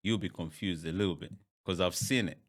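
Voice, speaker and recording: Talking briskly in a low voice, this podcast host keeps the interview chat casual, laughing readily and repeating his words often.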